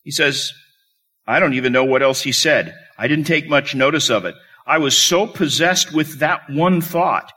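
A man's voice: a little high, normal speed, bright, forceful tone, husky. A man preaching a sermon, telling a story with emphatic delivery.

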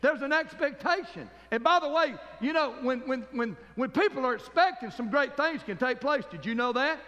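A man's voice: extremely high pitch, lively intonation, moderate pace, pushed and bright, in a large hall, lo-fi sound. A man preaching a fervent sermon as pastor, calling for amens from the congregation.

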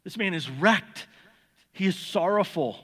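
High-voiced preacher in a reverberant hall. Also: male voice, expressive, a little slow, fairly bright tone, slightly rough. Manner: earnest, repeats words when stressing a point. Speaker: pastor. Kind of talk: sermon.

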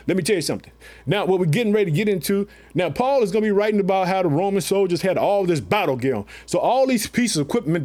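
A male preacher with a notably high voice, delivering a fiery sermon. He drives his points home with repeated refrains and call-and-response questions to the congregation. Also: a little mellow. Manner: exhorting, repetitive "let me tell you something", call-and-response.

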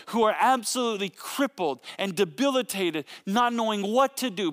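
A man's voice: sits high, fairly bright tone. A man preaching a sermon, retelling a story with dramatic emphasis and acting out the speakers' lines. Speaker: pastor.

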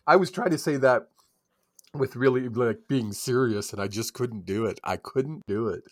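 A man's voice: medium pitch, moderate pace, no room sound, clean studio sound. A man co-hosting a sports podcast, talking casually with teasing banter. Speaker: podcast co-host.

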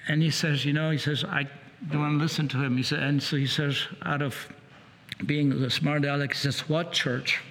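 A man preaching, retelling another man's conversion story in a halting, repetitive way, with many restarts. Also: a little high, flat delivery, a bit bright, a little hiss or hum. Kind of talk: sermon storytelling. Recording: long hall reverb.

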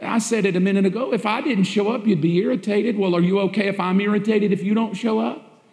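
High-voiced pastor preaching in an echoey hall. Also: male voice, fairly even intonation, quick pace, a little mellow. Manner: emphatic, repetitive preaching with rhetorical questions. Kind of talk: sermon. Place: church sanctuary.

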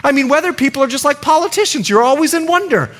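A middle-aged man from the United States, a pastor preaching a sermon in a lively, humorous way. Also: very high-pitched, fast talker.

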